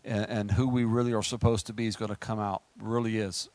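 With no echo on the recording, a preacher delivers his sermon conversationally and with jokes. He acts out brief asides and climbs into high-pitched, excited preaching.

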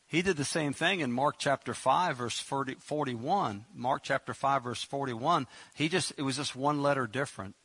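Pastor, middle-aged man, playful sermon delivery, crisp bright tone. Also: medium pitch, moderate pace, hardly any pauses, no echo. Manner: jokey, animated, acts out Bible scenes.

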